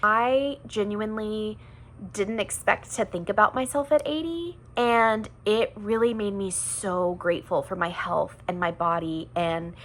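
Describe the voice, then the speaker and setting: A woman in a fitness program shares her experience in a casual video. Her voice sits at a middle pitch. She speaks earnestly and haltingly, poking fun at herself. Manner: earnest, halting, self-deprecating.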